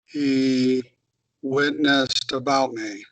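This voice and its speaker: Slow careful male student. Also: mid-range voice, fairly even intonation, no echo, rough recording. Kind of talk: reading and translating in class.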